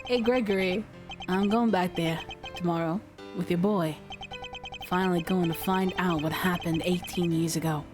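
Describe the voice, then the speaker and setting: A woman puts on a gruff middle-aged defense attorney from a video game, teasing and easygoing. The voice is dropped low and drawls, with music playing behind it. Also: steady tone, moderate pace, natural voice. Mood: solemn. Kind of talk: reading video game dialogue aloud.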